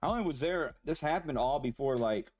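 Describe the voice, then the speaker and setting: Man, vlogger, rambling, halting, emotional retelling, mid-range pitch. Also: expressive, darkish tone. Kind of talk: personal storytelling monologue.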